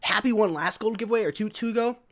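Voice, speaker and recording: A man's voice: sits high, quick pace, crowd noise. A man casting an esports match in a casual, joking way with rambling asides. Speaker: esports caster.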